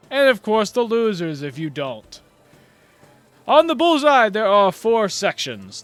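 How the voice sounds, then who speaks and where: A man doing a booming tournament announcer. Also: no room sound. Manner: loud, proclamatory, halting with fillers. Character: boisterous male archery tournament announcer.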